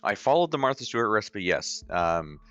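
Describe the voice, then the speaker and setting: Low but bright canadian-raised guy, easygoing, dry jokes while telling a cooking story. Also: very animated, a little fast, no room sound, muffled recording. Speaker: co-host, host's brother. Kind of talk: casual charity livestream chat.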